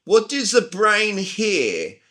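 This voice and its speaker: Bright-voiced British coach in his forties. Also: sits high, huge pitch swings, slow pace. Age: 40s. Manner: emphatic, talks straight to the group with questions. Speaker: communication coach. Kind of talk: live online sales training. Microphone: video call.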